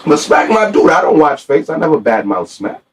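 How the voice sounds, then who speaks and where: Defiant storytelling man, slightly high voice. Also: normal speed, far from the mic. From Queens, New York. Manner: animated street storytelling, slangy and defiant. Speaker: guest. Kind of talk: candid heated interview.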